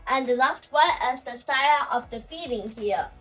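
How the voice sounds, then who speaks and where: A woman teaching language pronunciation, who talks slowly and says example words over and over. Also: high-pitched, far from the mic, soft background music, rough recording. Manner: slow and repetitive, saying example words over and over. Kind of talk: explaining pronunciation.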